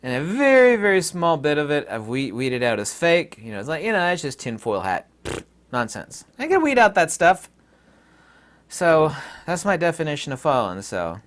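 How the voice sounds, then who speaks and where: Animated American man ranting to camera. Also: on the high side, moderate pace. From United States. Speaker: vlogger. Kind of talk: casual monologue to camera.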